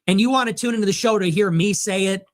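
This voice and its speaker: A man ranting sarcastically on a livestream, sneering and dismissive as he talks. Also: quick pace. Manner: sneering, sarcastic, swings up and down in pitch. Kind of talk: clipped livestream rant.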